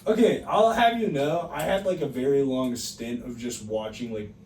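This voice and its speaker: A young man co-hosting a casual podcast, reading quiz questions in a teasing, animated way and laughing often. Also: mid-range voice, moderate pace. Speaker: podcast co-host, quiz reader. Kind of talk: casual chat. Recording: echoey room, distant mic, faint noise.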